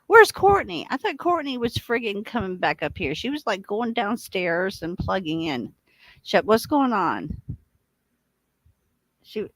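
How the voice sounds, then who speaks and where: A woman's voice: medium pitch, dry recording, poor audio. A woman chatting casually as a guest on a livestream, playful and teasing and laughing often.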